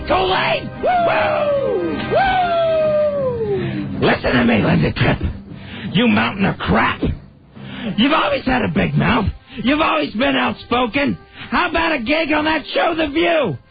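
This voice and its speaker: A man doing a brash gravelly wrestler promo. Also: exaggerated voice. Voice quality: gravelly high shouting voice with "Woo!" yells. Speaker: radio co-host. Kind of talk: wrestling promo impression on radio. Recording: dull lo-fi radio broadcast with music.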